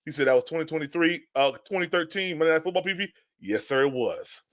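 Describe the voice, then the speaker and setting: A man hosting a fan podcast, telling stories in a lively, casual way with many restarts and greeting chat viewers. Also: fairly high pitch, fast talker, no echo, clean studio sound. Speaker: podcast host. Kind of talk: casual live-stream chat.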